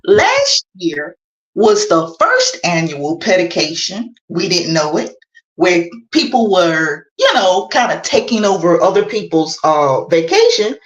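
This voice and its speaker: Slow, lively-voiced woman in an echoey room. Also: lowish voice, highs cut off. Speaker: caller joining a livestream. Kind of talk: casual chat.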